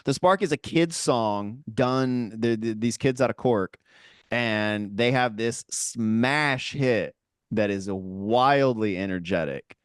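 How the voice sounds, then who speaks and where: A man's voice: mid-range voice, slow, clean tone, dry recording, clean studio sound. A man co-hosting a podcast in casual chat, teasing and telling stories with energy. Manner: teasing, animated storytelling. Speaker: podcast co-host.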